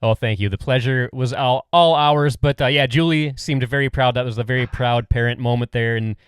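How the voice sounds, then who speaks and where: A man's voice: medium pitch, a little fast, clear, resonant tone, no room sound. A man hosting a podcast, chatting casually, laughing often, and leading into segments. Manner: easygoing, laughs often, plain segment lead-ins. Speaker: podcast host.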